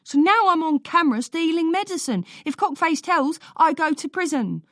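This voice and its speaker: A woman voicing an angry, tearful young boy in an audiobook, shouting and wailing. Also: extremely high pitch, lively intonation, moderate pace, dry recording, clean studio sound, pitched above the performer's own voice. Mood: upset. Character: angry tearful boy, defiant older brother. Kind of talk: audiobook character voice.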